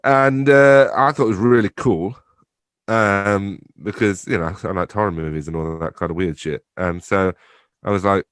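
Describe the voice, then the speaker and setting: Youngish guy, lowish voice, rambles and swears, laughs a lot, dry close sound. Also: normal speed, clear, resonant tone, dry recording. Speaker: podcast guest, theatre company director. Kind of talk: casual conversation.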